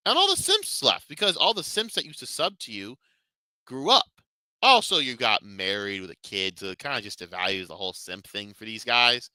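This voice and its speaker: A man's voice: lowish voice, animated, brisk, pushed and bright, clean tone, dry recording. A man hosting a talk stream, ranting and mocking in profane commentary. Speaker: podcast host.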